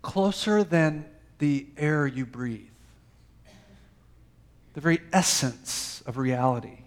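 A man preaching a sermon, swinging from emphatic lines to soft, quiet phrases. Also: a little high, lively intonation, takes it slowly. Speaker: pastor.

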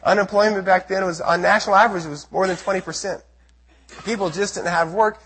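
A man from the United States giving an earnest testimony sermon to a church as a missionary speaker, telling his story with a husky voice. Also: high voice, steady tone, fairly quick, a bit bright. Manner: earnest storytelling, acts out his own prayers and quotes.

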